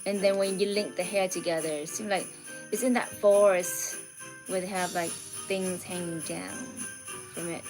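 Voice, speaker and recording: A woman's voice: on the low side, fairly even intonation, moderate pace, music in the background. A woman hosting an art livestream, chatting casually with viewers and reading out their comments. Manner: chatty, reads out viewer comments, drifts into soft near-whispers.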